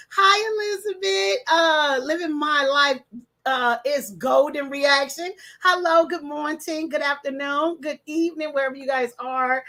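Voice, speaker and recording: A woman's voice: high-pitched, sharp tone. A woman hosting her livestream at home, chatting casually, greeting viewers and stumbling over names as she reads comments. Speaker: livestream host. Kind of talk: casual livestream chat, reading comments aloud.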